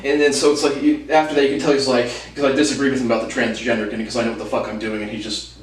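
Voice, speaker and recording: A man's voice: medium pitch, little pitch movement, rapid-fire. A man in his late twenties telling a long story in a casual, rambling and heated monologue, full of repetition and swearing. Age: late 20s. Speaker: vlogger. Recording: echoey room, mic at a distance.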